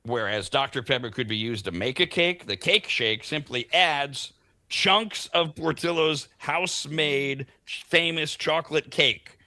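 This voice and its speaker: A man's voice: on the high side, measured pace, bright, forceful tone, dry recording, clean studio sound. A man hosting a morning talk show, chatting and joking while reading out food news. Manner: chatty, jokey, reads product news aloud. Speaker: parent. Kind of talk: casual morning radio banter.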